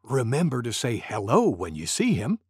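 A narrator reading a picture-book story aloud for toddlers, animated and slow. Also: mid-range voice.

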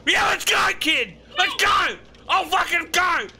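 A man streaming a game, loud and shouting and swearing as he plays. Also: very high voice, lively intonation, unhurried, vocal fry, slight background noise. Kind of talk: live gameplay commentary. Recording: game music playing behind.

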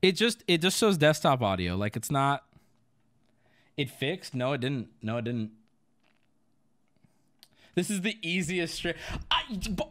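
A man's voice: mid-range voice, lively intonation, moderate pace, fairly bright tone. A young man streaming live, flustered and swearing while he fixes his audio, breaking into laughter.

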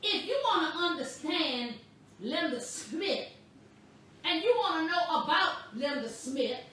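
A woman pastor delivering a sermon, with slow, emphatic preaching that stresses words boldly. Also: very high voice, animated, bright, forceful tone, a little hiss or hum. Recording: echoey room, voice from a distance.

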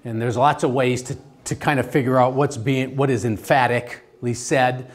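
A man teaching a theology class, talking in a halting way with many restarts and fillers and asking the class questions. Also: mid-range voice, steady tone. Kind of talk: classroom lecture.

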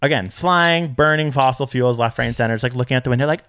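A young man on a podcast chatting casually, an animated storyteller who acts out quotes in high, squeaky voices. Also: fairly quick, hardly any pauses. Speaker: podcast co-host. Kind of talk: casual chat.

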